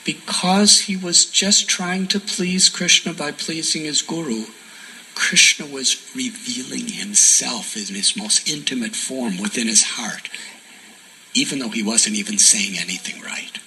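A man giving a sermon as a devotional story, soft-spoken and often dropping to a near whisper for emphasis. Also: mid-range voice, measured pace, a little hiss or hum, rough recording. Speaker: spiritual teacher.

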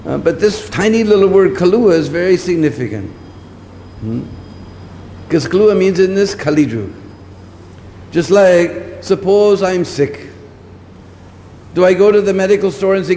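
A man's voice: sits high, animated, moderate pace, pauses often, warm tone. Preacher man in a reverberant hall. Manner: repeats points, asks listeners "hmm?" often. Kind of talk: scriptural lecture. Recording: long hall reverb, faint background noise.

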